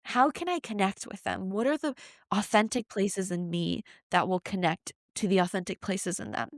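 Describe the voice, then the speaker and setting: A woman's voice: mid-range voice, moderate pace, no echo, clean studio sound. A woman chaplain co-hosting a podcast, speaking enthusiastically and encouragingly in casual conversation.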